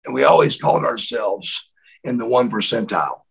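Gravelly storytelling man, lively delivery. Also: medium pitch, normal speed, poor audio. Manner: animated, repeats words, acts out quotes. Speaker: interview guest, former wrestler. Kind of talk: storytelling in a shoot interview.

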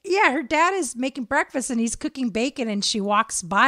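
Animated storytelling woman, dry close sound. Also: fairly high pitch, a little fast, few pauses, no room sound. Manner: animated storyteller acting out quotes. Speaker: podcast co-host. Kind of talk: casual chat.

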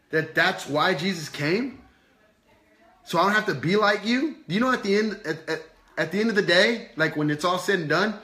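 A man's voice: high-pitched, pushed and bright, reverberant. A man preaching an informal sermon with a puppet, firing off repeated rhetorical questions in casual slang. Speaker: preacher and teacher.

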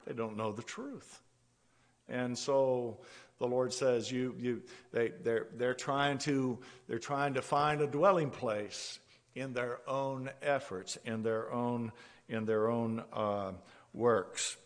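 A man preaching a sermon with a halting delivery, repeating words as he goes and laughing softly between points. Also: medium pitch, fairly even intonation. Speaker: pastor. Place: church sanctuary. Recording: long church-hall reverb.

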